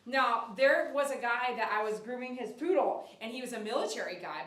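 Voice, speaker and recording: A woman's voice: a little high, fairly bright tone. A woman dog groomer hosting a casual livestream, cooing baby talk to a dog and reading viewer comments aloud. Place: grooming shop. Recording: echoey room, mic at a distance.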